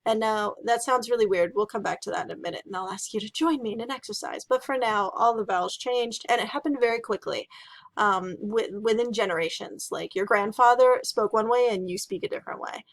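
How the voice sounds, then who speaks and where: A woman giving a casual, chatty history lesson, talking with fillers and quick asides. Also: medium pitch, no room sound. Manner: chatty, animated, with fillers and laughs. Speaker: teacher. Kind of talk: casual lecture.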